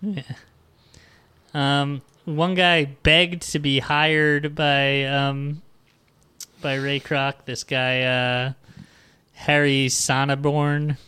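A man's voice: medium pitch, little pitch movement, drawn-out words, long pauses, pushed and bright, smooth, no room sound. A man in his thirties hosting a podcast, ranting and cursing casually while reading passages from a book aloud. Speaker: podcast host. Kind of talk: casual comedic book discussion.

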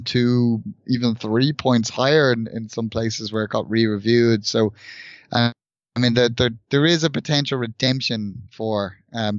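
Low-voiced man rambling on a podcast. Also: no room sound, muffled recording. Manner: rambling, many restarts and "I mean". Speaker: podcast co-host. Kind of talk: casual gaming podcast chat.

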